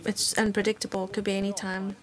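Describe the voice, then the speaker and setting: Brief: au pair, earnest, mid-pitched, interview. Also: female voice, little pitch movement, fast. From Zimbabwe. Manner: earnest, plain-spoken, with a soft laugh. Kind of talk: documentary interview.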